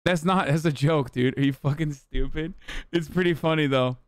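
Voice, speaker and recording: A man's voice: a little high, normal speed, clear, resonant tone, no room sound. Male streamer host, casual and profane, exasperated riffing; close dry mic. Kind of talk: casual live-stream commentary.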